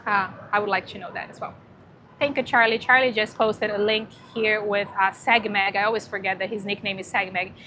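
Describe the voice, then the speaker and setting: A woman hosting a casual livestream who talks warmly to her viewers and gets teary, cooing now and then to a dog beside her. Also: medium pitch, fairly even intonation, fairly quick, slight background noise. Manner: chatty and emotional, thanking viewers, cooing to a dog. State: teary, crying. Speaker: livestream host promoting dog rescue.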